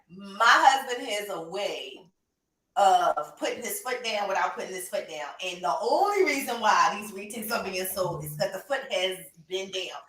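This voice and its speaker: A woman with a mid-range, fairly bright voice co-hosts a podcast and breeds reptiles. The talk is a casual chat, delivered emphatically and animatedly with laughter. The mic sits far off in a roomy space.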